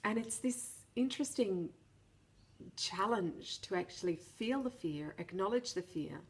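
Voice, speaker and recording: A woman's voice: mid-range voice, animated, unhurried. A middle-aged woman chatting casually to camera, telling a personal story with a self-deprecating, laughing manner and frequent restarts. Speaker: vlogger.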